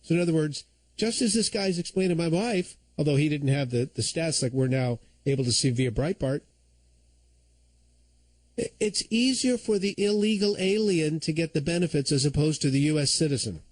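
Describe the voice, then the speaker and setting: A man's voice: fairly high pitch, expressive, normal speed, a little mellow, no echo, poor audio. Opinionated male talk radio host. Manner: opinionated, conversational storytelling.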